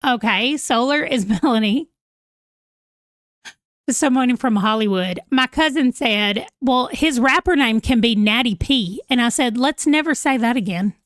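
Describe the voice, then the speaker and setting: Woman, 30s, livestream host at home; giggly, conversational, slightly high voice, dry close sound. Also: a little slow, a bit bright, no echo. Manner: chatty and giggly, reacting to viewer comments. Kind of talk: casual livestream chat reading comments. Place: home room, holding a pet.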